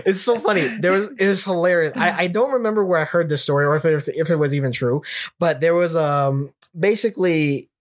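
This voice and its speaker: A young man co-hosting a podcast, chatting casually about video games, laughing often and filling pauses with ums. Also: a little high. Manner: laid-back, laughs often, many fillers. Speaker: podcast co-host. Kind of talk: casual gaming chat.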